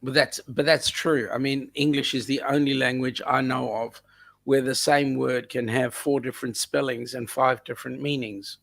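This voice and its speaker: A man's voice: medium pitch, steady tone, normal speed, creaky, fairly bright tone. A man co-hosting a casual live chat, cracking dry jokes. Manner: dry, wisecracking.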